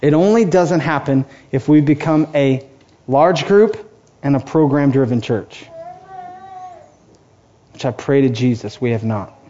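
A man's voice: medium pitch, unhurried, long pauses, mellow, muffled recording. A male pastor preaching a sermon with passion, acting out the voices of the people he quotes. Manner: impassioned, acts out quoted voices.

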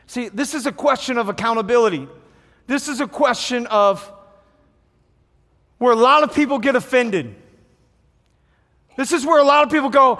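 Animated, joking male pastor, storytelling sermon voice, reverberant church hall. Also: high voice, normal speed, long pauses. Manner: animated, jokey storyteller who acts out voices.

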